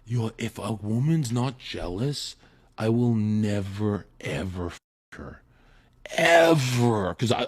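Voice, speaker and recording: A man in heated casual chat, profane and animated, acting out quotes as he talks. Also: medium pitch, slightly rough. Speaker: podcast guest.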